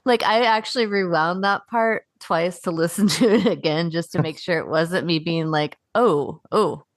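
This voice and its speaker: A woman's voice: fairly low pitch, moderate pace, no echo. A young adult woman co-hosting a podcast in a casual chat, rambling, laughing often and swearing in passing. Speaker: podcast co-host.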